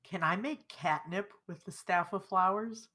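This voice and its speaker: A woman's voice: medium pitch, a little slow, bright, forceful tone. A woman player in a tabletop game, speaking in a playful, eager way.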